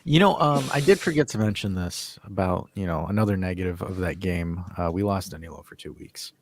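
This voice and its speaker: Animated, laughing podcast co-host man. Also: sits low, a little fast, dry recording. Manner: animated, laughs often, acts out bits. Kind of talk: casual call-in show chat.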